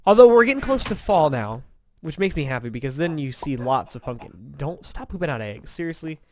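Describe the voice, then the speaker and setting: Pitched on the high side yet darkish in tone, this very animated man talks a little fast. He's an Indiana gaming commentator in a relaxed let's-play, rambling and self-mocking while tired and yawning from little sleep.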